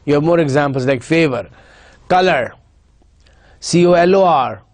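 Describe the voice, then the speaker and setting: Lecturing man, fairly high voice. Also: darkish tone. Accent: Pakistani English. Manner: repeats words slowly to demonstrate pronunciation; halting, with fillers and restarts. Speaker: university lecturer. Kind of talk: recorded lecture.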